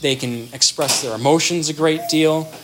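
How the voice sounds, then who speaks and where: A man's voice: fairly high pitch, moderate pace, background noise. A man giving an explanatory talk on child development, thoughtful, with restarts and everyday examples.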